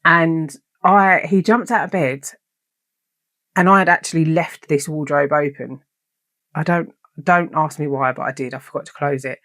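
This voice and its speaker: A woman hosting a casual podcast, telling stories in an animated way, swearing freely and acting out quoted lines. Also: low-pitched, normal speed, no room sound. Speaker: podcast host.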